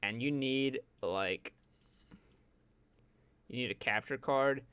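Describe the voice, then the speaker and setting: A man's voice: medium pitch, takes it slowly, smooth, no room sound, lo-fi sound. A young man streaming live, ranting in an exasperated, joking way and swearing heavily while his setup fails. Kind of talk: casual live-stream rant.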